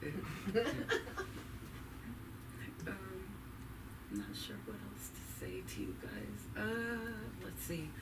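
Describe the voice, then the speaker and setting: A woman's voice: medium pitch, big pitch swings, takes it slowly, long pauses, far from the mic. A woman doing a nervous, chatty stand-up set at an open mic, laughing often and asking the crowd questions. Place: comedy club stage. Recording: noisy live room, voice from afar.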